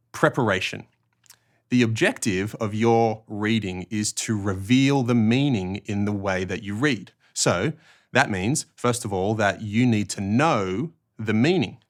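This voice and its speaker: Aussie guy explaining stuff to camera, lowish voice, slow clear careful phrasing. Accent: Australian. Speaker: church ministry trainer. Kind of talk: instructional talk to camera.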